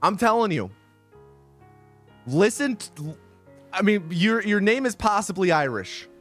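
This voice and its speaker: A man's voice: high-pitched, big pitch swings, measured pace, a bit bright, soft background music. A male streamer in casual livestream chat, rambling and insistent, repeating himself as he makes his points.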